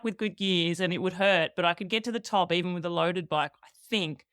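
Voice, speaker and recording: A woman's voice: on the low side, brisk, few pauses, a bit bright, dry recording, studio quality. A woman hosting a podcast in casual chat, playful and asking reflective questions. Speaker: podcast host.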